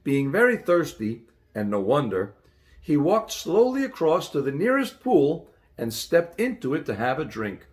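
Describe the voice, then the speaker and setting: A man narrates a storybook in a bright, expressive reading voice that sits a little high. His pitch rises and falls in lively swings as he carries the action. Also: measured pace. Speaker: audiobook reader. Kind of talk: audiobook narration.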